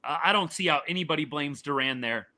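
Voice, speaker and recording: A man's voice: fairly high pitch, fast talker, bright, forceful tone. A man hosting a live sports reaction stream, talking to his chat in a fired-up, exasperated way and repeating his points.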